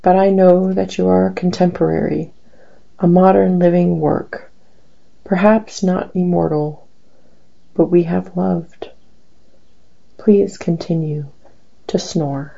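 A woman giving a poetry reading of her own poems, with a slow, deliberate and dramatic delivery. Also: fairly low pitch, fairly even intonation, creaky, warm tone. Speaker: poet. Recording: dull lo-fi recording.

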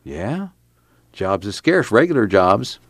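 A man's voice: lowish voice, big pitch swings, takes it slowly, a bit bright, dry recording, studio quality, full character voice. A man voicing a hesitant, curious gas station attendant in rural dialect.

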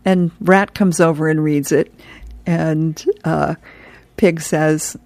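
Chatty woman host, low voice, dry sound. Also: fairly even intonation, slow, darkish tone, no room sound. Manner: chatty, laughs between read-aloud jokes. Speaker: radio host. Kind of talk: reading comics and today in history on air.

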